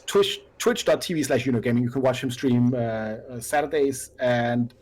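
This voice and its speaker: Halting man signing off a stream. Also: medium pitch, darkish tone. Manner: halting, many fillers and restarts. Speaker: co-host of a live-play stream. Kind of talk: casual sign-off chat.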